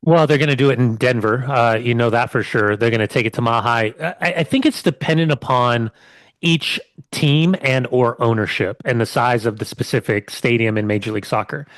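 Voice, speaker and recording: A man co-hosting a casual football podcast, chatty and quick to chime in. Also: medium pitch, no echo. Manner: chatty, quick agreeing interjections. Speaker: podcast co-host.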